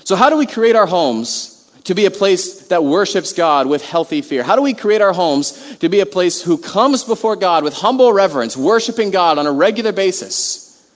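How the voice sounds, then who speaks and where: A man's voice: sits high, expressive, moderate pace. A man preaching a sermon in a conversational way, with many restarts and rhetorical questions. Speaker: pastor. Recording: long hall reverb.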